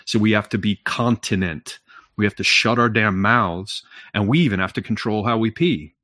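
Blunt, lecturing low-voiced man. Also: normal speed, pushed and bright, no room sound, studio quality. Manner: blunt, profane, lecturing with frequent "right?". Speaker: podcast talker. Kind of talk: casual chat.

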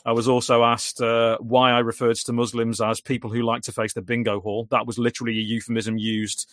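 Fast-talking man, voice going. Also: medium pitch, dry recording, studio quality. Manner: rapid, animated, many restarts. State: voice going hoarse. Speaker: guest. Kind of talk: casual conversation.

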